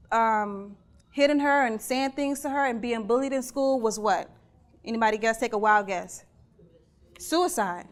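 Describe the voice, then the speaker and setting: A woman delivers a keynote talk in a chatty, earnest way. Her voice sits high, and she keeps turning to the audience with questions. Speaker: keynote speaker.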